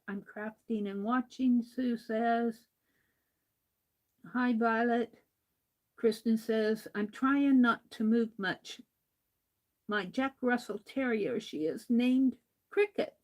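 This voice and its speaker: An older woman with a fairly high voice chats slowly and easily as she crafts on a livestream. She talks to herself about her work and answers her viewers, laughing often. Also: poor audio. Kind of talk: casual crafting chat while reading viewer comments.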